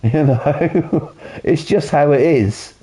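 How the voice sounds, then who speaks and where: A man's voice: on the high side, slow pace, warm tone, husky. A British man streaming a game, chatting casually in a rambling way, swearing heavily and filling with "you know". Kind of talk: casual stream chat while playing. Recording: dull lo-fi audio.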